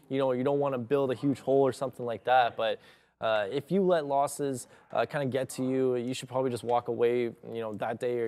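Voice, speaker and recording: A man's voice: mid-range voice, darkish tone. A young man trading live and talking through his moves in a casual, rambling way, full of fillers. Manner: rambling, many fillers, thinks aloud while trading. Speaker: day trader streaming live.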